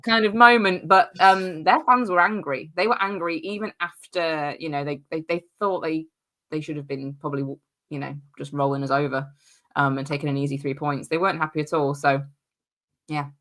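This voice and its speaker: A woman's voice: low voice, steady tone, moderate pace, fairly bright tone. A woman co-hosting a casual football fan podcast, telling stories with amusement. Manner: laughing, amused storytelling. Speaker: podcast co-host.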